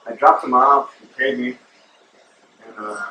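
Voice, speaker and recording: A man's voice: mid-range voice, fairly even intonation, measured pace, muffled recording, slight background noise. A man hosting his own show, telling a long casual story full of fillers and asides to the listener. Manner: rambling, filler-heavy, calls listener bro. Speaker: show host. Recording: roomy echo, distant from mic.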